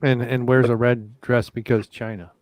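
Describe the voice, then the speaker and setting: A man's voice: mid-range voice, level tone, moderate pace, a little mellow, no room sound. A man co-hosting a podcast, teasing the others in casual chat. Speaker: podcast co-host.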